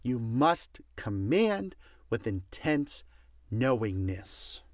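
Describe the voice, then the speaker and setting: A man's voice: medium pitch, sing-song, very slow, dry recording, clean studio sound. A man giving a passionate motivational talk, stressing his points by repeating commands. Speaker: motivational speaker.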